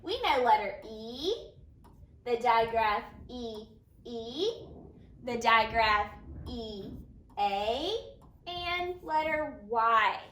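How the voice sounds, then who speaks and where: A woman teaching a phonics lesson, slowly sounding out letters and praising her students. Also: on the high side, animated, a bit bright, slight background noise. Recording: echoey room, mic at a distance.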